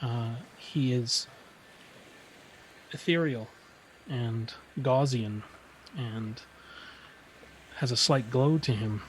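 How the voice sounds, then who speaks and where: A man narrating as game master of a tabletop game, in a halting way with many pauses and restarts. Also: medium pitch, slight background noise, low-quality recording.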